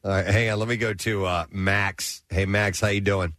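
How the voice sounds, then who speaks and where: Low-voiced male radio host. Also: steady tone, normal speed, a bit bright, no echo. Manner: loose, chatty, steers to callers. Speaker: radio talk show host taking callers. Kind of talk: casual chat. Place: radio studio.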